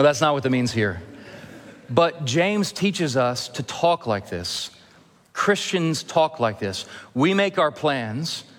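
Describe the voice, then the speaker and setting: A man preaches to his congregation in a steady, middle-pitched voice, earnest and now and then gently joking. His words linger in the long reverb of a church hall. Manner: earnest, gently humorous preaching with emphatic pauses. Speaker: pastor. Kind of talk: sermon. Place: church sanctuary.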